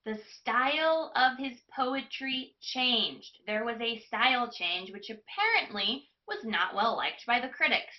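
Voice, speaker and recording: A woman running an online test-prep class, reading a passage aloud and pausing to ask her students what they noticed. Her voice sits a little high, and the recording sounds somewhat dull and lo-fi. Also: lively intonation. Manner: reads a passage aloud, stopping to pose questions to students. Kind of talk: live online class walkthrough.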